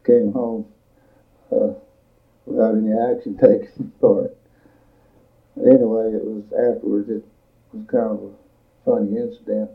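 Older man with a gravelly voice on tape. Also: on the low side, level tone. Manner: plain-spoken storytelling, measured with pauses. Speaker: veteran giving oral history. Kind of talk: recorded oral history recollection. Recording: tinny lo-fi tape recording.

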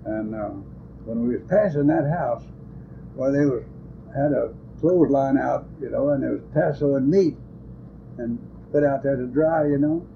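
An older man spins rambling, folksy tales of his lawman days for an oral history interview, in ungrammatical country speech. His voice is gravelly, medium in pitch, and moderately paced, on tinny lo-fi tape with hiss.

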